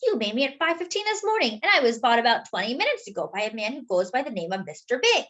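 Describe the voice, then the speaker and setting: A woman's voice: big pitch swings, a bit bright. A woman voicing a fussy, dramatic little male doughnut that talks in a prim, indignant way. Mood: sweetly sly. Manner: prim, indignant, high and slow. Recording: dull lo-fi sound.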